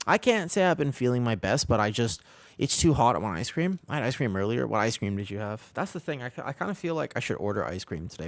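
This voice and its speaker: A chatty young man streams an online game from his home in Thailand, rambling, answering chat, and talking to himself. His voice sits in the mid-range, and there's no room sound.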